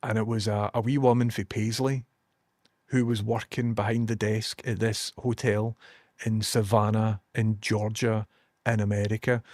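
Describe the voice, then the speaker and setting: A man's voice: lowish voice, little pitch movement, moderate pace, a little mellow, no echo, studio quality. A man with a Scottish accent chatting casually to his stream, swearing and joking as he tells stories and reads messages. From Scotland.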